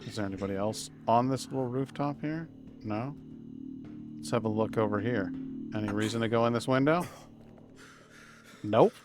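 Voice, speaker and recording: A man's voice: medium pitch, normal speed, long pauses, over music. A man from Massachusetts with an Upstate New York accent, chatting casually with viewers while streaming a game, rambling and self-deprecating. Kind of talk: casual live-stream gaming chat.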